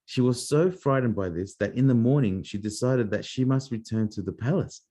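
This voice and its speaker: A man's voice: medium pitch, normal speed, dark tone. A man reading a fairy tale aloud to his child as a bedtime story, playful and adding little asides.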